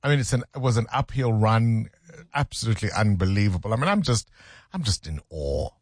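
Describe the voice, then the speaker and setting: A man hosting a casual radio chat, easygoing and quick to laugh. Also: fairly low pitch, lively intonation. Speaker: radio host.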